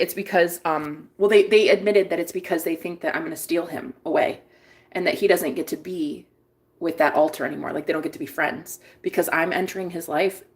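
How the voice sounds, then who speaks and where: A woman talking casually to camera in a confessional vlog, chatty and profane, swinging between hushed and excited. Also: mid-range voice. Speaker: vlogger and manifestation coach.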